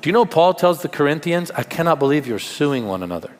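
A man's voice: on the high side, sing-song, fast. Man preaching in a reverberant hall. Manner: conversational preaching with rhetorical questions and humor. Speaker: pastor. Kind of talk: sermon.

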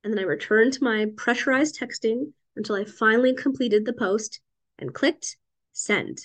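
A woman's voice: on the high side, normal speed. A middle-aged woman, a psychiatrist and parent, telling a personal story in a reflective, conversational way and often turning to listeners with "right?". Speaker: psychiatrist and parent sharing advice.

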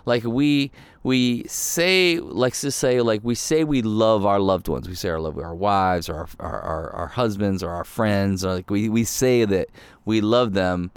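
A man preaching a sermon in a conversational, animated way, often voicing quick asides and quoted reactions. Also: mid-range voice, clean tone, no echo. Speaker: pastor.

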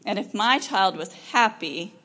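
A woman counselor giving an informal talk to parents, chatty and animated, with frequent ums and laughs, acting out what parents and children say. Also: mid-range voice, measured pace. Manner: animated, acts out quoted parent and child lines.

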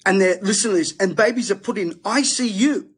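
Man, Australian accent, middle-aged, husky voice, high pitch, impassioned preachy monologue. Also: fairly quick. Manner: fired-up, emphatic, preachy. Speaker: host.

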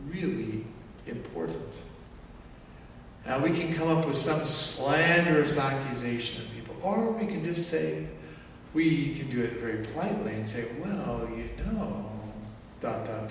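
A male pastor preaching a sermon in a church, animated and conversational, acting out angry outbursts as he speaks. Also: a little high, vocal fry, a little hiss or hum. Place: church sanctuary. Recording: echoey church hall from far off.

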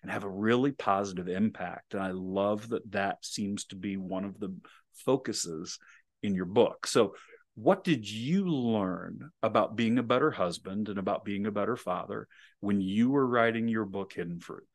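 Man, low voice, interview host, measured, earnest, dry sound. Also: no echo. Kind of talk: reflective faith interview talk.

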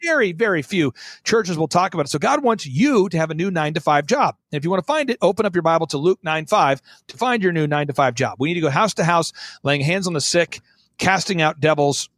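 A man with a notably high voice talks bluntly and with great energy as an interview guest. He often slips into other people's voices to act out their lines. The sound is dry and close, with no room echo. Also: fast. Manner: blunt, animated, acts out quotes in voices. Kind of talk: fast-talking interview.

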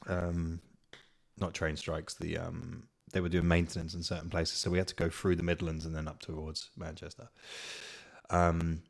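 A man's voice: sits low, monotone, moderate pace, creaky. A young man hosting a solo podcast, telling stories in a chatty way and swearing freely. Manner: chatty storytelling with swearing and laughs. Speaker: podcast host. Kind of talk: casual solo podcast chat.

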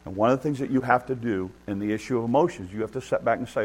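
A man's voice: medium pitch, racing. A man preaching a sermon in an earnest, conversational way, building emphasis as he makes his points. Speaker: pastor. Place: church.

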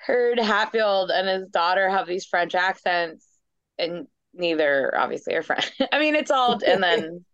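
Woman co-host, rambling and laughing, lower voice, dull lo-fi recording. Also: lively intonation, measured pace, a bit bright, no room sound. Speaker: podcast co-host. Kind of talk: casual chat. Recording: dull dry lo-fi audio.

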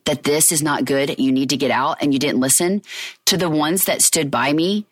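A woman's voice: low voice, normal speed, dry recording. A middle-aged woman and mother talking candidly in a personal vlog, repeating herself and getting fired up as she goes. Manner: candid, repetitive, gets fired up. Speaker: divorced mother sharing her story.

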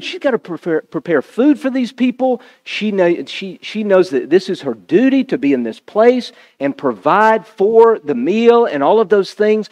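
Male pastor, high and very expressive, conversational sermon style with congregation asides.

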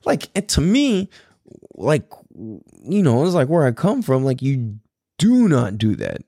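Man, podcast host, casual storytelling, profane, rambling, mellow tone, dry room. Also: sing-song, slow, no room sound. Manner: profane, rambling, acts out quotes with sharp pitch jumps.

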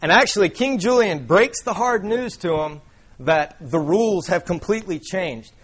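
A man's voice: high voice, expressive, normal speed, fairly bright tone, breathy edge. Casual young male preacher. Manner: casual, conversational, many fillers. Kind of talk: sermon. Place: church before a congregation.

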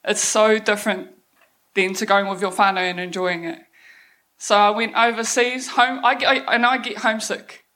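Young NZ woman, stage talk, blunt and profane, mid pitch, laughs through the story. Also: fairly even intonation, normal speed, pushed and bright. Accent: New Zealand. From New Zealand. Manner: blunt, swears freely, laughs while telling. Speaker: speaker telling her life story. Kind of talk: candid personal story talk. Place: event stage.

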